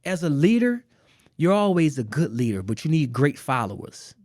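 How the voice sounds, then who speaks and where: A man's voice: on the high side, big pitch swings, moderate pace, darkish tone, no room sound, studio quality. A man telling a personal story in a casual conversation. He repeats phrases for emphasis and laughs now and then. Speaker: guest artist.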